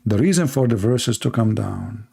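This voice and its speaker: Sarcastic man, mellow voice. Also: fairly low pitch, expressive, moderate pace, gravelly, slightly rough. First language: Arabic. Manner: sarcastic, teasing, broken English. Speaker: livestream host. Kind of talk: mocking live-stream commentary.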